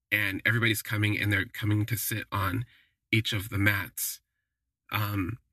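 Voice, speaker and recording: Husky-voiced man telling a story. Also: on the low side, bright, forceful tone, no room sound. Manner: chatty, lots of "like" fillers, wry. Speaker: podcast host. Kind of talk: casual first-person storytelling.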